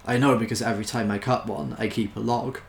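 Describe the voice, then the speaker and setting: A British man reads dad jokes in a casual, self-mocking way, chuckling between them. His voice has a gravelly fry at mid pitch. The recording is roomy, with a faint hum of ambience behind it. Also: steady tone, fast talker. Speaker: YouTuber.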